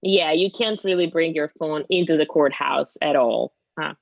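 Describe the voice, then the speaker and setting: A woman's voice: deep voice, moderate pace, gravelly, dry recording. Woman, Russian accent, native Russian speaker, chatty storytelling, dull lo-fi call audio, dry sound. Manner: chatty, laughing, frequent fillers. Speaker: guest reporter. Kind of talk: casual interview storytelling.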